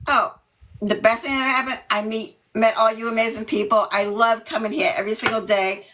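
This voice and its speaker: A woman's voice: fairly high pitch, fairly even intonation, brisk, pushed and bright, a little hiss or hum, poor audio. Nervous middle-aged woman on a video call. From Massachusetts. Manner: nervous, emotional, many fillers. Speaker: team member.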